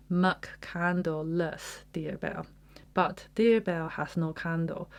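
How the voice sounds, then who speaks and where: A woman voicing a childlike, delighted young woman who speaks slowly and carefully, each syllable distinct. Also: fairly low pitch, darkish tone. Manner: slow, careful, deliberate syllables.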